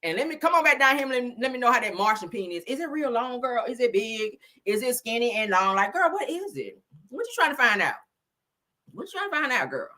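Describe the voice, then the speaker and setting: A woman hosting a casual gossip show, loud, laughing and full of slang as she teases. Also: fairly high pitch, sing-song, a little fast. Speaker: show host.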